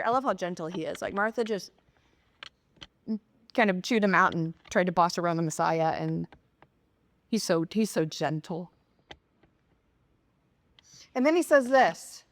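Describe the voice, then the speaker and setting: A woman's voice: moderate pace, long pauses, dry recording. A woman pastor preaching a sermon in a conversational way, acting out little dialogues. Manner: conversational, acts out dialogue with rising pitch. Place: church sanctuary.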